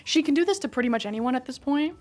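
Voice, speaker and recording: A woman's voice: high-pitched, lively intonation, fast. A woman retelling a story in a casual, chatty recap, swearing freely and filling her talk with "like" and "right?". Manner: chatty and profane, full of "like" and "right?". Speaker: video creator recapping a game story.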